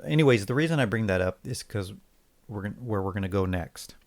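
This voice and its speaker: A man co-hosting a podcast in casual opinion chat, sarcastic and halting with restarts. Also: on the low side, expressive. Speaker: podcast co-host.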